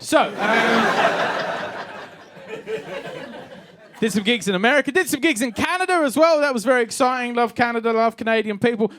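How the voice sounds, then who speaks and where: A man's voice: very high-pitched, fairly bright tone. A man in his thirties performing a wry, chatty stand-up set in a comedy club, playing to the crowd. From England. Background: audience laughter.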